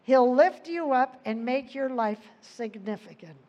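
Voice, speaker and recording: A woman's voice: high voice, lively intonation, measured pace, warm tone, lo-fi sound. A woman giving an earnest Bible teaching, reading scripture aloud with her own asides. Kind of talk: sermon.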